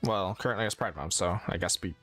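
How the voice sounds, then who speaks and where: A man's voice: low-pitched, fast talker, fairly bright tone. Rambling man chatting over game music. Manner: rambling, self-correcting. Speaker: streamer. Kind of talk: casual gameplay chat.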